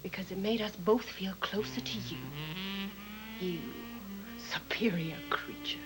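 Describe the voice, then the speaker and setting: An actress playing an intense dramatic woman in a breathy, half-whispered stage melodrama. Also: medium pitch, lively intonation, unhurried, over music, natural voice. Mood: smouldering.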